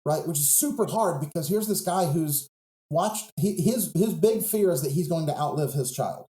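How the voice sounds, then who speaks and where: A man with a fairly high but mellow, dark-toned voice speaks as a pastor on a podcast. He retells a story in an earnest, reflective way. His voice echoes around the room. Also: animated, normal speed. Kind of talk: podcast conversation, telling a Bible story.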